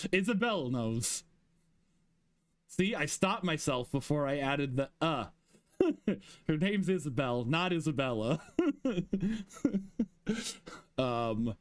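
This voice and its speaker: A man chatting loosely on a stream, slow to get his words out and laughing at his own jokes. His voice sits a little high and swings widely in pitch, and the sound is close and dry with no room. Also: no room sound. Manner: laughs often, rambling with restarts. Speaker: streamer ranking fan fiction chapters. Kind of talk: casual stream chat.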